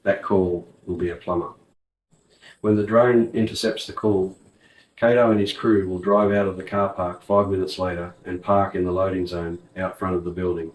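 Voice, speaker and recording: A man reading an audiobook in a plain, even way. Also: low voice, moderate pace. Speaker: audiobook narrator. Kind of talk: audiobook narration. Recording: roomy, distant mic.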